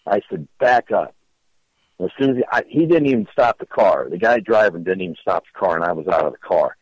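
Deep voiced middle aged guy rambling through a story, lots of repeats, dry dull sound. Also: brisk, no echo. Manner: rambling, repeats words, animated retelling. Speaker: storyteller guest. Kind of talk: casual storytelling.

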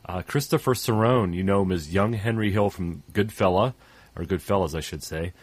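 In casual talk, a radio co-host speaks at normal speed in a deep voice that sounds stuffed up. He rambles with plenty of fillers and lets his phrases trail off, and the recording has no room sound.

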